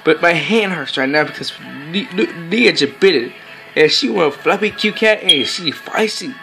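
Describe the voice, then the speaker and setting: Male vlogger, slightly high voice, unhurried rambling delivery full of fillers, coaxing with pets. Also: lively intonation, soft background music. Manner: rambling and halting, with many fillers and broken sentences; soft, coaxing talk to pets. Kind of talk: casual chat to camera with his cats.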